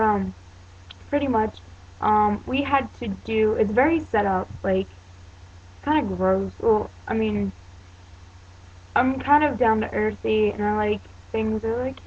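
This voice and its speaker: A teenage girl from Pennsylvania chats to her camera as a vlogger, rambling through a story with lots of "um" and "like." Her mid-range voice is husky with a darkish tone. The home video sounds dull and lo-fi, with faint hiss.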